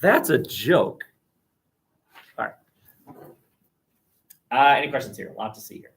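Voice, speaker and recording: Lively, joking male history teacher. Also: medium pitch, a little slow. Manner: animated and joking, with rhetorical questions. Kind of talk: classroom lecture. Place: classroom. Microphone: webcam.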